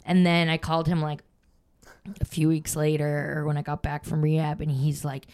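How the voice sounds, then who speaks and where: A woman's voice: deep voice, flat delivery, moderate pace, darkish tone, clear, resonant tone. A young woman, a comedian guest on a podcast, telling rambling, profane stories in casual chat. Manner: rambling storytelling full of "like" and swearing.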